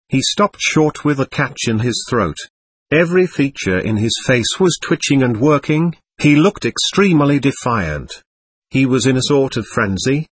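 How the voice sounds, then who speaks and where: A man reading a classic novel aloud as an expressive audiobook narrator. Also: medium pitch, normal speed, slightly rough, dry recording. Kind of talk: scripted narration.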